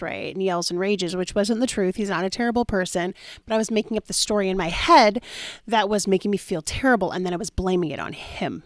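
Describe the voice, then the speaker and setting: A woman's voice: medium pitch, a little fast, dry recording. Young woman life coach podcasting solo, chatty and dramatic, lots of "like", dry close mic. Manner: animated storytelling, many fillers, dramatic quoted asides.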